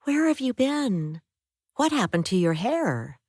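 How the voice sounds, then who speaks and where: A fierce young woman with a sweet, high voice, put on by a woman narrating an audiobook. She sounds sharp and accusing. The reading is close and dry, with a raised pitch over a naturally low voice. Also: very animated, moderate pace, dry recording, natural voice. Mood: stunned.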